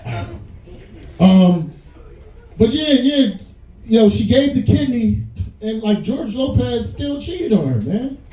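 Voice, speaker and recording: Crude New York comic, echoey bar. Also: male voice, big pitch swings, slow pace, long pauses, warm tone, distant mic. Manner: loose, crude, switches into high put-on voices. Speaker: stand-up comedian headlining a bar. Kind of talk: stand-up comedy set. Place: small bar comedy stage.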